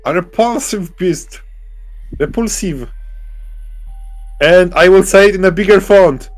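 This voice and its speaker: A man voicing a tormented, self-loathing beast in a visual novel, gruff and exaggerated, speaking slowly at a raised pitch. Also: soft background music. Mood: bitter, angry. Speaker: co-streamer voicing a character.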